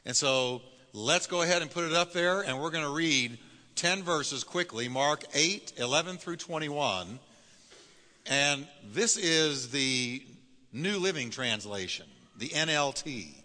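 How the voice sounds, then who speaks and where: A man's voice: a little high, expressive, measured pace, pushed and bright, big-room sound. A man pastor giving a sermon to his church, folksy with joking asides to the congregation. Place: church sanctuary.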